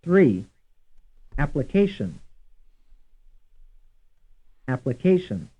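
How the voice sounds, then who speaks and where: A man reading a language course drill slowly and deliberately, saying each word twice. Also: fairly high pitch, sing-song, husky. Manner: reads words twice, evenly paced. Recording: tinny, phone-like old course audio.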